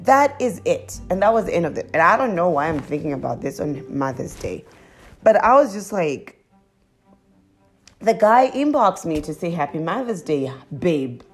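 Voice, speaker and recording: A woman telling her viewers a confessional story in a chatty, animated way, laughing as she goes. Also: moderate pace, husky, faint music behind. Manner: laughs often and breaks into high squeals. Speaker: vlogger.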